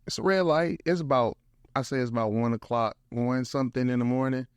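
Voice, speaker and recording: A young adult man from St. Louis, a guest motivational speaker, delivers a casual, lively story full of slang and "bro." His medium-pitched voice is brisk, clear, and resonant, recorded close and dry without echo.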